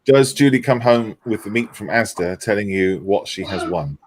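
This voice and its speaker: Chatty male stream host with a deep voice, easy laughter. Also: animated, normal speed. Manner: chatty, reads out viewer comments, laughs often. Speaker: livestream host. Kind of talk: casual chat while model making.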